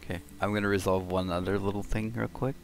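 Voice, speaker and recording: Low, flat-voiced male game master. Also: slight background noise. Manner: casual and halting, with fillers. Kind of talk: narrating a tabletop game.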